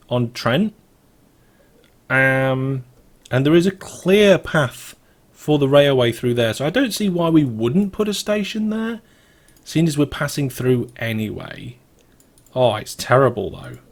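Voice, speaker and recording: A British man with a mid-range voice talks through a building game as its host. He thinks aloud and wanders from point to point in a chatty, easygoing way. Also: medium pitch. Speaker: let's play host. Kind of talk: casual gameplay commentary.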